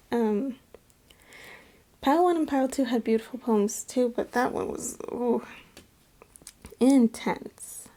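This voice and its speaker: A woman's voice: a little high, takes it slowly, long pauses, warm tone. A woman doing a casual tarot reading, chatting straight to her viewers and calling them her loves. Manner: chatty, addresses viewers as "my loves" and "you guys". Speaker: tarot reader.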